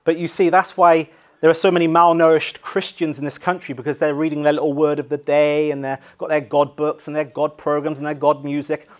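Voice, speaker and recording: An English-accented male pastor delivers a sermon, shifting between loud, theatrical cries and quiet, low-key emphasis. His delivery is flat overall and runs slightly fast.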